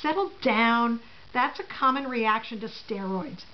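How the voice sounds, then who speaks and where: A woman's voice: on the high side, animated, a little slow. Woman putting on a brusque scolding nurse. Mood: curt. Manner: brusque, reproachful. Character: curt scolding female hospital nurse. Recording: dull lo-fi recording.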